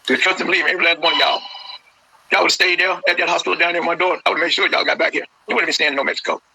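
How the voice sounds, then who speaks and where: A man's voice: fairly high pitch, fairly even intonation, very fast, gravelly, bright, forceful tone, slight background noise, low-quality recording. A man, a grieving father, speaking with passion and repeating his words in an interview. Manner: impassioned, repeats phrases. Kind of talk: emotional phone interview.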